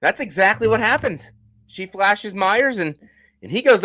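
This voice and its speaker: A man hosting a casual live stream, reading out viewer comments in an animated and jokey way, with many fillers and restarts. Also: high voice, moderate pace, dry recording. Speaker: host of a horror movie channel.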